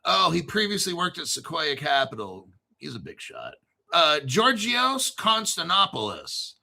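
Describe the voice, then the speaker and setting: Hosting a crypto show, this man delivers an excited, wandering monologue peppered with swearing, sometimes stopping to spell out names one letter at a time. His voice is fairly high with vocal fry, and his pace is unhurried.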